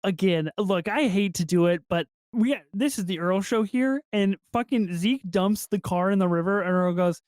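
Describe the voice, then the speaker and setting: A man co-hosting a podcast in casual film review chat, excitable and swearing freely as he acts out movie lines. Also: high-pitched, moderate pace, few pauses, dry recording, studio quality. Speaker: podcast co-host.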